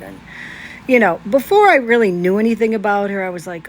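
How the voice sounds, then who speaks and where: A woman's voice: medium pitch, expressive, normal speed, a little hiss or hum. A woman talks straight into her phone on a livestream. Her voice swoops up and down as she rants. She is indignant and stacks up one rhetorical question after another. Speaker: livestream commentator. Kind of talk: casual ranting commentary.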